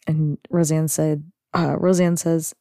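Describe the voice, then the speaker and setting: A woman's voice: sits low, little pitch movement, unhurried, dark tone, dry recording, clean studio sound. A young woman who hosts a podcast, chattily retelling a sitcom episode with lots of "like" fillers. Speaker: podcast host recapping a sitcom. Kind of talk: casual episode recap.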